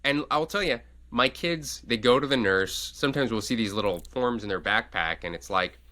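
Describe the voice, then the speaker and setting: A man's voice: medium pitch, normal speed. A man co-hosting a podcast as a father, telling a story in casual chat with lots of fillers and acted-out quotes. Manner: animated storyteller, acts out quotes, hesitant fillers.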